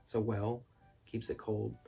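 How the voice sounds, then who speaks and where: A man rambling excitedly about a film in his bedroom at night, breaking off with quick apologies. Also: on the low side, gravelly, slightly rough, soft background music. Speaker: vlogger reviewing a film. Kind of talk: rambling casual monologue.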